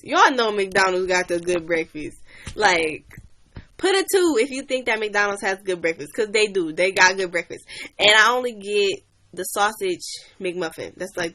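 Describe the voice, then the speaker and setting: A woman's voice: medium pitch, animated, moderate pace, sharp tone. A young woman chatting on a livestream, animatedly telling a story and greeting new viewers. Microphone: webcam or phone mic.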